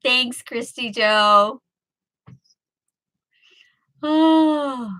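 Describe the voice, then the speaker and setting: A woman of about fifty talks to her viewers from home through a webcam, rambling from one story to the next and laughing often. Her voice is bright and forward, sitting a little high for a woman. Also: drawn-out words, low-quality recording. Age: 50s. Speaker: live streamer chatting with viewers. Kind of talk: casual chat.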